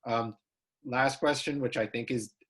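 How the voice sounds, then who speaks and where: A man hosting, reading out fan questions in a relaxed way with many fillers. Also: medium pitch, unhurried, breathy edge. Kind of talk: casual interview hosting.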